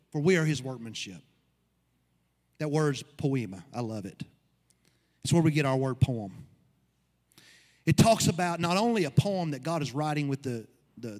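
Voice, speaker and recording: A man preaching a sermon as pastor, building to emphatic peaks. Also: fairly high pitch. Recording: long reverb of a hall.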